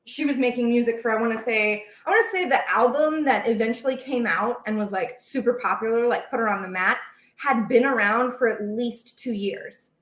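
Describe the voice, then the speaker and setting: A woman's voice: fairly high pitch, fairly bright tone, echoey room. Chatty woman hosting a baking livestream. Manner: chatty, rambling, reads out viewer comments. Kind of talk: casual live-stream chat while cooking. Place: home kitchen.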